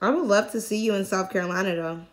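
A young woman from Massachusetts chatting casually on a phone video app, slangy, profane and quick to giggle. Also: mid-range voice, background noise. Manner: giggly, slangy, profane, talks straight to viewers. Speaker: vlogger.

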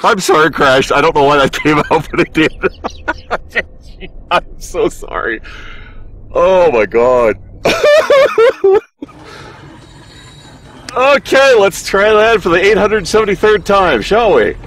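A young man commentating his own horror game playthrough in a casual, animated way, cursing and laughing at his mistakes, with allergies that make him clear his throat. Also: on the high side, unhurried. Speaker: gaming streamer. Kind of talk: casual let's play commentary.

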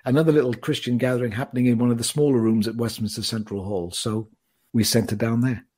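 A man guesting on a podcast, telling an animated story and acting out the people in it. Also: mid-range voice, quick pace. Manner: animated storyteller, acts out voices. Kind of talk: casual storytelling chat.

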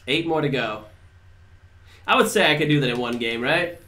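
Streaming games live, a native Dutch speaker from the Netherlands chats with his audience and swears now and then while commenting casually. He speaks at a moderate pace in a medium-pitched, bright, forceful voice; the room echoes and there's faint noise behind.

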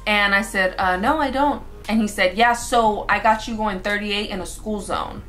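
Bright-voiced young woman telling a story. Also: medium pitch, normal speed, faint music behind. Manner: animated storytelling, acting out quotes. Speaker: vlogger. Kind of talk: storytime vlog.

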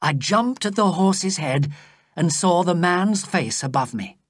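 A narrator reading a graded story aloud slowly and plainly for English learners. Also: no echo, clean studio sound. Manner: slow, clear storytelling with lively pitch. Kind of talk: slow scripted audiobook narration for English learners.

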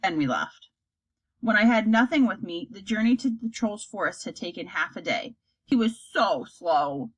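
A woman reading a children's fantasy story aloud, acting out the characters in a lively way. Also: medium pitch, normal speed, breathy edge, poor audio. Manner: acts out characters, lively delivery. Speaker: audiobook reader.

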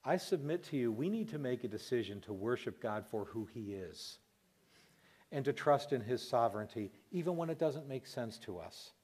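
Middle-aged man, heartfelt testimony, voice cracking with emotion, halting delivery. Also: mid-range voice, lively intonation, a little mellow, husky. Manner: emotional, voice breaking, pausing and restarting. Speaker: Christian radio host telling a personal story.

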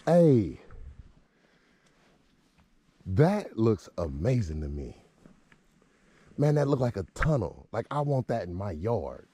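A man in his thirties vlogging casually outdoors while walking, excited and informal, often chuckling. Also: lowish voice, breathy edge. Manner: excited, exclaiming and chuckling, drawn-out asides; relaxed informal talk with slang. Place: outdoors in snowy woods by a creek.

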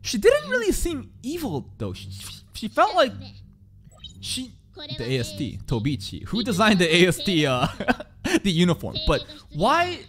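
A man giving an excitable, swearing live reaction to an anime, jumping between loud outbursts and low mutters. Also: unhurried.

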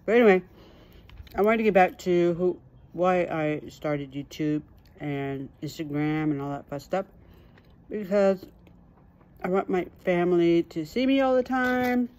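A woman's voice: on the low side, unhurried, a little mellow. A woman in her fifties talking candidly and cheerfully to camera in a casual vlog, sometimes while eating. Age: 50s. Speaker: vlogger.

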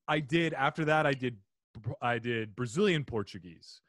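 A man's voice: mid-range voice, normal speed, fairly bright tone, dry recording, clean studio sound. A man hosting a casual interview, telling stories animatedly and slipping into silly voices. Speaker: host.

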